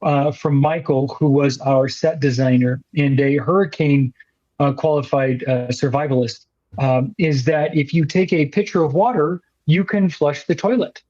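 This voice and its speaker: A man, a filmmaker guest, telling a story in a casual interview with a measured pace and dry understatement. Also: a little high, fairly even intonation, dark tone. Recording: muffled lo-fi audio.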